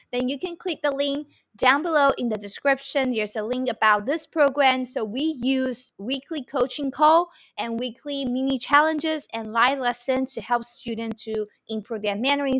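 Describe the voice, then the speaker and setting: High, bright-voiced woman teaching Mandarin. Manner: slow, repeating phrases for learners; mixes English explanation with Mandarin examples. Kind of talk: language lesson explanation.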